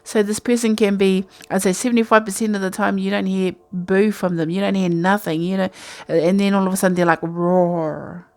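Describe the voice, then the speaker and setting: A woman's voice: medium pitch, level tone, a little fast, hardly any pauses, a little mellow. A woman giving a casual, rambling tarot reading from home at night, talking in a chatty, intuitive way. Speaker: tarot reader.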